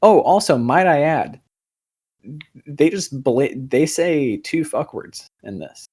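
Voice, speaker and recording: A man's voice: on the high side, animated, takes it slowly, darkish tone, breathy edge. Young man rambling on a podcast. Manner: rambling, hesitant, many fillers and restarts; swears casually. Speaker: podcast co-host. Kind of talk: casual chat.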